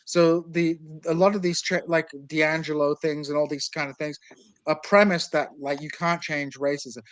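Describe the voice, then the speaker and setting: A man's voice: a little high, steady tone, moderate pace, a bit bright, smooth, no room sound, poor audio. A man of Kurdish background talking politics on a podcast in a discursive, argumentative way, with many fillers.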